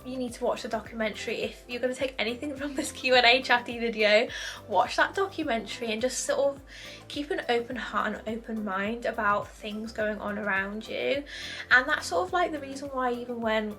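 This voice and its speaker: Chatty young woman vlogging, bright voice a bit high, lots of likes and giggles, soft music under. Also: fairly quick. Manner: chatty, full of fillers and giggles. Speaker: YouTuber. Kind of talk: casual chat.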